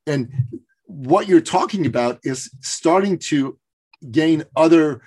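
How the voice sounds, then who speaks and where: A man's voice: a little high, expressive, takes it slowly, a little mellow, slightly rough. A man in his fifties hosting a podcast interview, talking earnestly with frequent hesitations. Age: 50s. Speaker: podcast host. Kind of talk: casual interview chat.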